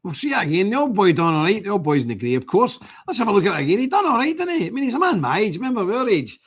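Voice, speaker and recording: A man's voice: high voice, big pitch swings, racing, breathy edge. An older man, hosting a livestream and talking to his viewers in an indignant, rambling way, repeating himself as he goes. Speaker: livestream host.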